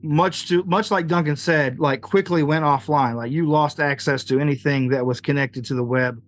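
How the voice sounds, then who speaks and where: A man's voice: on the high side, steady tone, moderate pace. A man narrating a tabletop game as game master, rambling with many fillers and laughs. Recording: dry sound with faint music.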